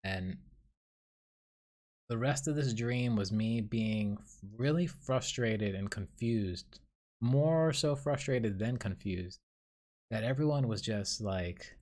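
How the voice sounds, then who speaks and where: A young man talks through a casual solo podcast, his voice sitting on the low side. He rambles and swears freely, often poking fun at himself mid-story. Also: slow pace, a little mellow. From New York City. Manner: rambling, profane, self-deprecating storytelling. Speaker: podcast host.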